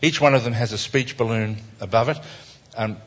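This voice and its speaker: A man's voice: mid-range voice, fairly quick. A man with an Australian accent, a cartoonist talking an audience through his cartoons in a wry, chatty, self-mocking way. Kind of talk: casual live talk to an audience. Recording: dull lo-fi recording.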